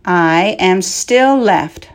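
A woman voicing a calm young male knight with a dry wit in a storybook, speaking firmly and evenly. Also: on the low side, drawn-out words.

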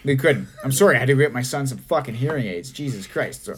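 A man's voice: mid-range voice, expressive, quick pace, a loud crowd. A man co-hosting a podcast, telling a rambling, profane story full of restarts, in casual chat. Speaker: podcast co-host. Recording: faint background noise.

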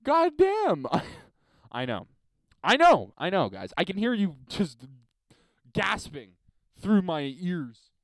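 A man's voice: sits high, huge pitch swings, slow pace, long pauses, dry recording, clean studio sound. A man hosting a solo podcast from a basement, reading listener emails in a crude, sarcastic, rambling rant. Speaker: podcast host.

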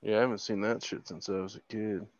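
A man's voice: fairly low pitch, fairly even intonation, quick pace, a little mellow, no room sound, muffled recording. A man as a podcast guest, chatting loosely with fillers and swearing. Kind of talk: casual profane chat.

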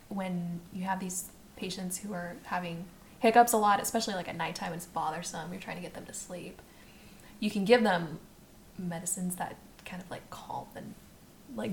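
A woman's voice: on the low side, steady tone, normal speed, vocal fry, a little hiss or hum. A woman who is a medical resident, chatting casually on a podcast, hedging her answers with lots of "like" and laughing often.

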